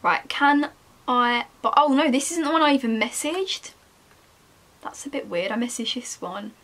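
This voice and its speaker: A woman's voice: fairly high pitch, lively intonation, moderate pace, fairly bright tone. Chatty young woman vlogger. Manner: chatty, self-mocking, talks to herself while browsing. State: chilly, wrapped in a jacket. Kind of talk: casual shopping vlog chat.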